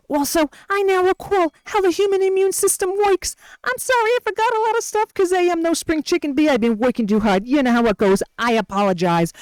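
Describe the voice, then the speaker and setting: A woman voicing a raspy older caller who has come out of retirement and talks in a proclaiming, apologetic way. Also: mid-range voice, dry recording.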